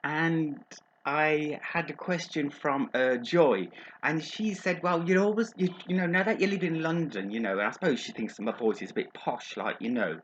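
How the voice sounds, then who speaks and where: A man's voice: a little high, moderate pace, highs cut off, a little hiss or hum, natural voice. A man doing a gossipy Brummie agony aunt. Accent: Birmingham. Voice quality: gossipy, innuendo-laden, calls people darling. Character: chatty middle-aged female agony aunt. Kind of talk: comic advice show monologue.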